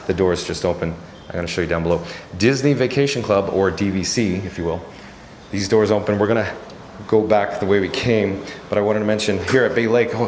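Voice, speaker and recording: A man hosting a live-stream tour of hotel hallways, chatting and reading viewer comments aloud. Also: fairly low pitch. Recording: noisy handheld phone recording.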